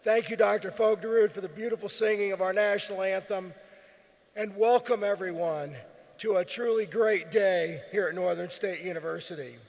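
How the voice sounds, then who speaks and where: A hoarse man delivering a formal, earnest welcome speech at a ceremony in a large indoor arena, speaking into a podium mic. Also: high voice, a little mellow. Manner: earnest, measured address. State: hoarse, losing his voice. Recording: long arena reverb.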